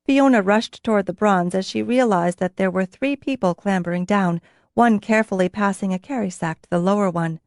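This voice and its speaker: In a studio-quality recording free of room sound, a woman narrates a fantasy audiobook from a script. Her pitch is medium and her storytelling stays measured and even.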